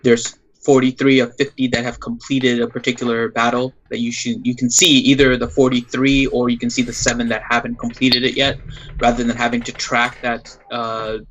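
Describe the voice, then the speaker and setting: A man's voice: medium pitch, flat delivery, moderate pace, a bit bright, a little hiss or hum. A man on a live stream explaining his suggestions in a matter-of-fact way. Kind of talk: casual explanation. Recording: dull lo-fi mic.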